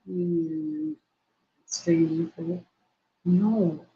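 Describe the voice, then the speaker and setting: A woman hosting a casual livestream from her mobile phone, hyper, excitable and loud as she greets her viewers. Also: on the low side, very slow. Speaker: livestream host. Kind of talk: casual live-stream chat. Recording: roomy, dull lo-fi phone audio.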